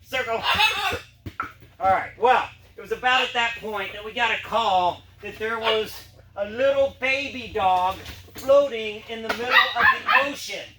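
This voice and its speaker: A man's voice: high-pitched, measured pace. A man performing a dog trick show, telling a rambling story and breaking off to cue his dogs. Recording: roomy, distant mic, background noise.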